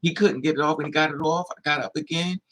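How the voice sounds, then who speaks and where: A vlogger telling a story casually to camera in an animated way, acting out the other people's voices with high squeals. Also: quick pace, slight background noise.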